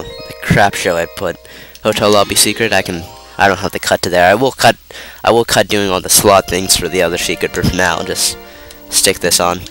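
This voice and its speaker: A young man with a stuffy, congested voice giving rambling, casual commentary while playing a video game. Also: low-pitched. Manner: rambling, self-interrupting, lots of fillers. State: stuffy, nasal from a cold. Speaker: let's play commentator. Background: game music.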